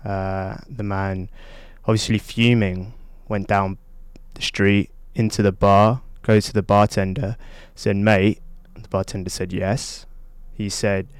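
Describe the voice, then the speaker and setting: A man's voice: fairly low pitch, flat delivery, unhurried, hardly any pauses, clear, resonant tone, no echo. A man hosting a casual show, telling a joke hesitantly with many ums and uhs. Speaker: radio-style show host.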